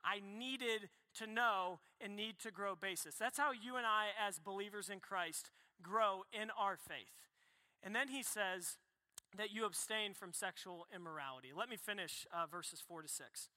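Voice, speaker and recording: A young man preaching a sermon, casual and animated, full of quick asides. His voice sits high and sounds bright and sharp. The recording carries the long echo of a large hall. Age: young adult. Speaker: pastor. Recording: echoey hall reverb.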